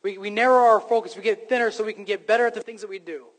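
A pastor preaches a sermon in rapid-fire bursts, his high voice holding a steady tone as he speaks emphatically and cracks self-deprecating jokes. The long hall reverb of a church sanctuary surrounds his words.

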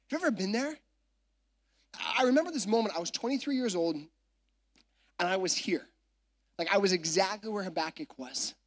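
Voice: medium pitch, animated, a little fast, long pauses. A pastor preaching a sermon from a church stage, talking in a chatty storytelling way with frequent asides to the audience.

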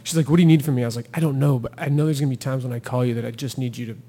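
This podcast guest, a thru-hiker, talks rapid-fire in a mid-pitched voice with a breathy edge. He tells his story casually, performing the quotes and laughing, with a long reverb tail on the audio.

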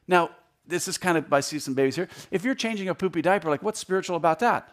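In a church sanctuary, a man in his fifties delivers a conversational sermon as a guest speaker, speaking fast in a high-pitched voice. He jokes, repeats words, and raises his volume to drive points home.

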